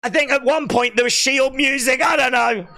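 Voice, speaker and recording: Excitable high-voiced gravelly streamer man. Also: normal speed, a little hiss or hum. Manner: emotional, excitable, often shouting; reads viewer chat comments aloud. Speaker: wrestling watch-along streamer. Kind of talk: live reaction commentary.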